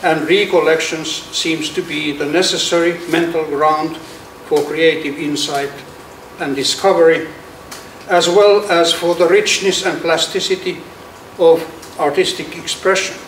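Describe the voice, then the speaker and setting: An older man, an architect, reading a prepared lecture aloud in a slow, measured way with occasional restarts. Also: fairly high pitch, steady tone, fairly bright tone. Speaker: architect giving a symposium lecture. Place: lecture hall. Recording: echoey hall, speaker far from mic, faint hiss.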